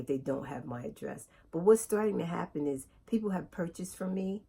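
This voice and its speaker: A woman chatting casually to her viewers in a knitting vlog, animated and talking straight to her audience. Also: sits low, vocal fry, breathy edge. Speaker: knitting vlogger.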